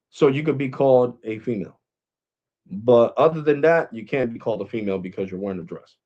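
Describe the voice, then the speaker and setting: A man's voice: medium pitch, a little mellow, lo-fi sound. A man vlogging, ranting to his viewers in a blunt, mocking way. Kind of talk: opinion rant to camera.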